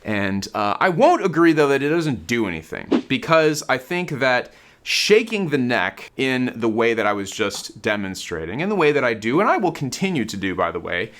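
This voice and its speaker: A man's voice: medium pitch, big pitch swings, moderate pace, hardly any pauses, a bit bright. A man hosting a casual guitar lesson, explaining in a conversational way while demonstrating on his guitar. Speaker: guitar teacher and channel host.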